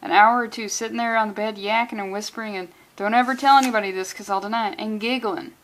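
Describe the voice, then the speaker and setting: A woman reading a wistful teenage girl's comic-book narration in a soft, quieter voice. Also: mid-range voice, fairly even intonation, quick pace, natural voice, low-quality recording.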